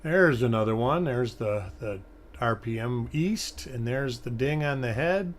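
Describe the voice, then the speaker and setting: A man's voice: mid-range voice, lively intonation, measured pace, slight background noise. A man hosting a live coin-hunting stream, chatting casually and rambling as he thinks aloud at his desk. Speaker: coin hunting livestream host.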